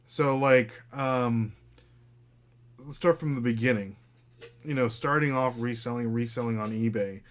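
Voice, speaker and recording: A man's voice: medium pitch, unhurried, long pauses. A man in his thirties hosting a casual live podcast, talking loosely with lots of fillers and reading out viewer comments. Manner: loose and chatty, many fillers, talks to his dog. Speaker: podcast host.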